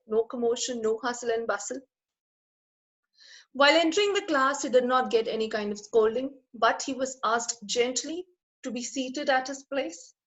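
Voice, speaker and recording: Lady teacher, kinda high voice, goes over each line again and again. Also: fairly bright tone, rough recording. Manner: explains slowly, repeating and rephrasing each line. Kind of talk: line-by-line lesson explanation.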